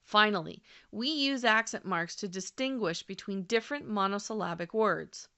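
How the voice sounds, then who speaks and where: A woman narrating a scripted language lesson, speaking clearly and deliberately and slowing down to model example words. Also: mid-range voice, sharp tone, lo-fi sound. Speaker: language teacher.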